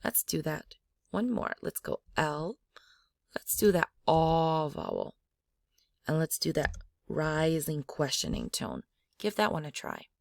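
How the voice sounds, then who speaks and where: A woman's voice: sits low, big pitch swings, takes it slowly, gravelly, a little mellow, no echo, clean studio sound. A woman teaching a language lesson, repeating each sound aloud to demonstrate it. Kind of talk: slow spoken language lesson.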